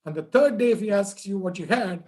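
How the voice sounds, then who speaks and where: A man voicing a kind disembodied voice from the heavens that gently gives instructions. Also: sits high, animated, a little fast. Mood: gentle.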